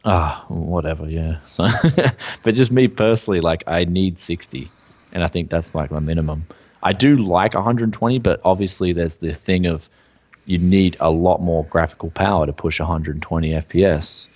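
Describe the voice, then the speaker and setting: A man's voice: deep voice, moderate pace, a little mellow. A man co-hosting a casual tech news show, laid-back and rambling, filling gaps with "yeah". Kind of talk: casual tech podcast chat.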